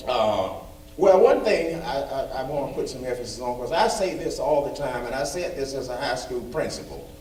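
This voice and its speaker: A man's voice: mid-range voice, lively intonation, normal speed, a little mellow, slight background noise. A man giving an emphatic, folksy report at a school board meeting, repeating phrases for stress. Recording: echoey room, far from mic.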